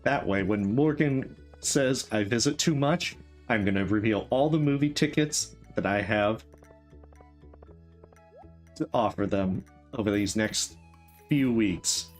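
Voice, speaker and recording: A man with a voice on the low side streams a game, speaking slowly and playfully chatting to the characters in casual gameplay commentary. Faint game music plays in the background.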